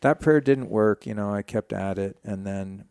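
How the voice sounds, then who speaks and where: A man's voice: fairly low pitch, moderate pace, gravelly, clean tone, no room sound, studio quality. A man in his forties, a podcast guest, candidly telling a personal story in a casual, profane way. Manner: candid, profane, animated retelling.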